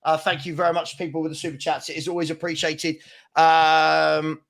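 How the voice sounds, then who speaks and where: Animated, bright-voiced man hosting. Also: fairly high pitch, vocal fry. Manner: animated, exasperated, quick bursts of mock outrage. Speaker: host of a live fan chat show. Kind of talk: casual live-stream football chat.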